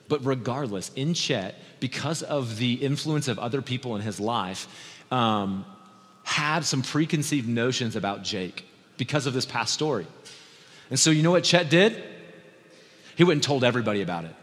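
A male pastor delivers a sermon in a relaxed, conversational way, speeding through asides and then slowing down and going quiet for emphasis. His mid-pitched voice rings out in a church sanctuary with a long, hanging reverb. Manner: conversational preaching that swings between brisk asides and slow, hushed emphasis.

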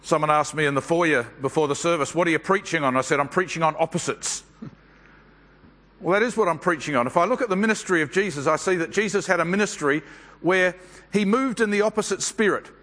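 A man preaching a sermon at a church service, speaking in a measured, unhurried way with pauses and fillers. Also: on the high side, fairly bright tone, long reverb tail.

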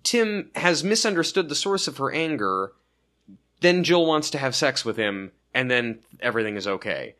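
A man's voice: medium pitch, big pitch swings, moderate pace, sharp tone. A man co-hosting a podcast, chatting casually and rambling as he recaps a sitcom episode, joking at his own expense. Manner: self-deprecating, rambling, retells scenes with quotes. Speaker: podcast co-host.

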